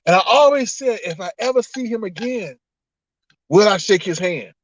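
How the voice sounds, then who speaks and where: Man, livestream chat, lively swooping pitch, fairly high voice, dry dull sound. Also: moderate pace, no room sound. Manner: animated, laughing, preachy asides. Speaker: online streamer.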